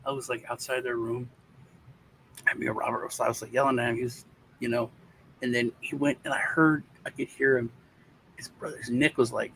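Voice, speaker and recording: A man's voice: medium pitch, level tone, fairly quick, vocal fry, long pauses, fairly bright tone, slight background noise, poor audio. Rambling middle-aged male host. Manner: rambling, acts out family quotes in changed voices. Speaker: show host. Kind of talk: casual chat.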